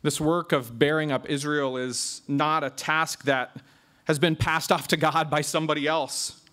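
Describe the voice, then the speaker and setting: A man with a fairly high voice preaches through a passage of scripture. He leans hard on key words and stretches them out for emphasis. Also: fairly even intonation, a little slow, pushed and bright. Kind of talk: expository sermon.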